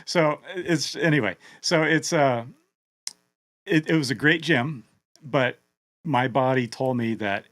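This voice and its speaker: A man with an American accent co-hosting a podcast, talking in a relaxed, joking way with many "I mean" and "you know" asides. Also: medium pitch, unhurried. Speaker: podcast co-host. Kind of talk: casual podcast chat.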